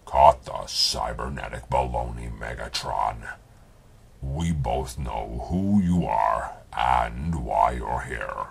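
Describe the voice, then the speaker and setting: Dude playing a gruff robot leader, super deep and gravelly. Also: male voice, slow, a little hiss or hum, exaggerated voice. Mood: stern. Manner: stern, gruff, blunt. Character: stern heroic male robot leader.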